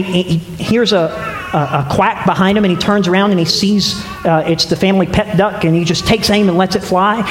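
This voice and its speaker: A man preaching a sermon as pastor, telling a story in an animated way. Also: high voice, roomy sound, a little hiss or hum. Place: church.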